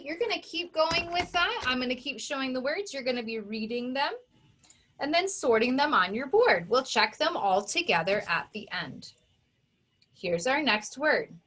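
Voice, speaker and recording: A woman teacher, her voice sitting high with a fairly bright tone, records a phonics lesson for children. She talks them patiently through each step and pronounces each sound deliberately.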